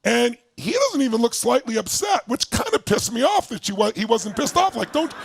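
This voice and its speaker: A middle-aged man telling a story to an audience, acting out his partners' voices and shouting when he quotes anger. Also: very high voice, normal speed, dry recording. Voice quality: gravelly, husky voice. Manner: animated, shouting while acting out angry quotes. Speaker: motivational speaker.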